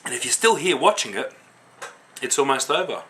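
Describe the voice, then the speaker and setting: A bright, forceful Australian man rants to camera in a loose, slangy way. He swears freely and rambles from one thought to the next. He sounds a little tipsy. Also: mid-range voice, very animated, brisk, a little hiss or hum. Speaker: homebrewing vlogger. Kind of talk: casual rant to camera.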